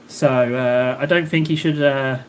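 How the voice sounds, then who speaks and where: A man's voice: mid-range voice, steady tone, unhurried. A man hosting a livestream, chatting casually and joking with his viewers, rambling with many fillers and restarts. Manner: rambling, jokey, lots of fillers and self-interruptions. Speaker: livestream host. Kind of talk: casual chat with live chat readers.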